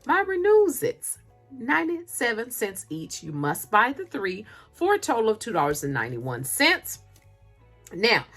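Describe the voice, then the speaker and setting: Chatty woman with a bright, lively voice. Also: mid-range voice. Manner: chatty, laughs often, calls viewers honey and y'all. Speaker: couponing vlogger. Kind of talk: casual haul chat. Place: home, recording late at night.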